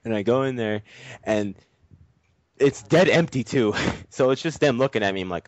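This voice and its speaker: Animated, foul-mouthed male storyteller. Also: medium pitch, moderate pace, no echo. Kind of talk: casual chat. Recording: dry, dull lo-fi audio.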